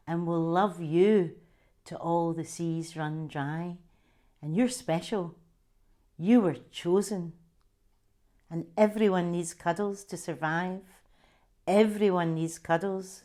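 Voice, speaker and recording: A gentle Scottish mother, voiced by a woman, speaks softly and soothingly. Her tone stays tender. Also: lowish voice. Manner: soft, soothing. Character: gentle, tearful mother of young children.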